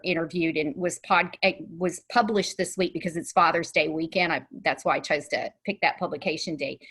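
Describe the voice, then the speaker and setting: A woman's voice: on the low side, a bit bright. A woman in her sixties hosting a podcast interview, chatty and laughing lightly between her points. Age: 60s. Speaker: podcast host. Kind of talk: casual conversational interview.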